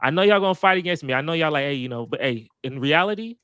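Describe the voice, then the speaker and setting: A man co-hosting a casual sports chat, animated and joking, pushing his opinions hard. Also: on the high side, fast talker, clean tone, no echo. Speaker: podcast co-host.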